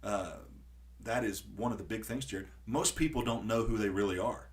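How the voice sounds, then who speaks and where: A man hosting a podcast in casual conversation, who tells stories with lively acted-out quotes and frequent restarts. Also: on the low side, moderate pace. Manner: animated storyteller acting out quotes. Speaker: podcast host.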